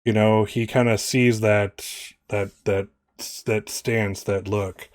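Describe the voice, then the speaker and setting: A man's voice: fairly low pitch, little pitch movement, slow, a little mellow, no room sound, studio quality. A man narrating as game master, rambling and correcting himself as he describes scenes.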